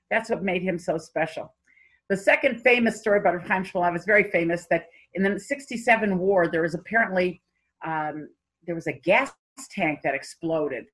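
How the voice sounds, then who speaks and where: A woman's voice: lowish voice, fairly bright tone, husky, poor audio. A woman giving an informal Torah lecture, telling stories in a conversational way with many fillers and restarts. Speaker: Torah class teacher.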